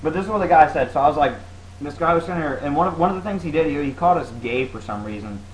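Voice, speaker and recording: A man's voice: a little high, rapid-fire, low-quality recording. Rambling young man with faint hiss. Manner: rambling storyteller, many restarts and fillers. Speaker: podcast co-host. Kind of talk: casual chat.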